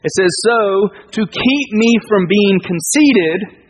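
A man's voice: high voice, lively intonation, slow pace, a little hiss or hum, poor audio. A male pastor giving a sermon in a loose, rambling storytelling way, often breaking off and restarting. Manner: casual, rambling, self-interrupting storytelling.

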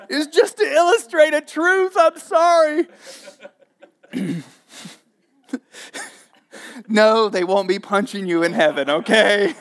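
A man preaching a sermon in a lively, jokey way, acting out the people in the story. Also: high-pitched, slow pace, pauses often. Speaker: pastor.

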